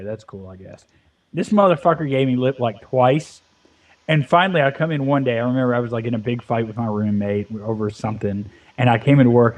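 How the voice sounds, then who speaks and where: A man in his twenties telling a long, profane rant during casual gaming chat, his mic level fading at times. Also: mid-range voice. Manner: profane ranting storyteller. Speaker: Minecraft let's play co-host. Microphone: headset or desk mic, volume fading at times.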